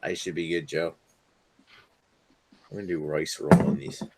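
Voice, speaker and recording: A man's voice: rumbling low, steady tone, moderate pace, heavy background noise. A man reviewing beers in a casual drinking chat, rambling and hesitant, full of fillers and the odd swear word. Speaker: beer reviewer co-host.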